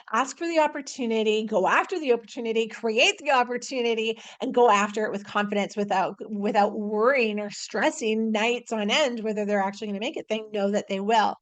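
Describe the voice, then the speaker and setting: Woman coach rambling with restarts. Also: on the high side. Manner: rambling, with many restarts and fillers. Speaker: intuitive life coach. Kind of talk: casual live video promotion.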